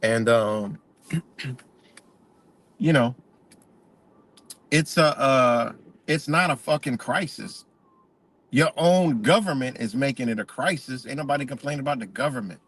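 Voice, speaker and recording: A man's voice: mid-range voice, measured pace, pauses often, a bit bright. A man hosting a livestream, ranting in a profane, rambling way and repeating himself. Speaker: channel host. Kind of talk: livestream rant.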